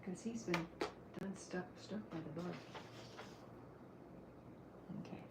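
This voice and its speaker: Soft-spoken woman, lowish voice, musing ASMR cartoonist, noisy recording. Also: takes it slowly. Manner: soft-spoken, musing aloud, drifting into whispers. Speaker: streaming cartoonist. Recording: noisy background hiss.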